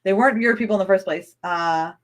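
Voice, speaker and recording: Woman, online business coach on a live stream; mid-range pitch, chatty, excitable, restarts a lot. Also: quick pace. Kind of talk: live-streamed training answering viewer comments.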